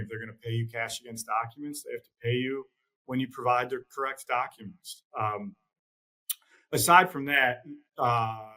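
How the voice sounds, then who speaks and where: A man as an interview guest, talking in a measured, plain-spoken way and repeating words as he thinks. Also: mid-range voice, pushed and bright, low-quality recording. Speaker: guest, trading executive. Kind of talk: casual interview chat.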